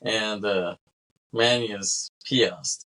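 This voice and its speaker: A man hosting a casual movie podcast, relaxed and laughing often as he recaps scenes. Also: fairly low pitch, drawn-out words. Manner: laid-back, laughs often, acts out quoted lines. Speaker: podcast host.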